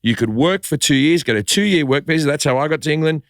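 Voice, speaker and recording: A man's voice: a little high, fast, dry recording. A middle-aged Australian man with an Australian accent, a comedian telling stories in casual podcast chat and swearing freely. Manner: animated storytelling, swears freely. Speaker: comedian guest.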